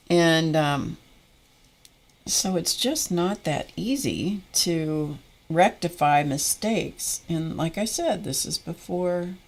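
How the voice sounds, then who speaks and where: A woman with a low voice talks slowly and easily while she paints on a live stream. She drifts into long personal stories, then breaks off to greet viewers in the chat by name. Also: animated. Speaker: art instructor hosting a live painting stream.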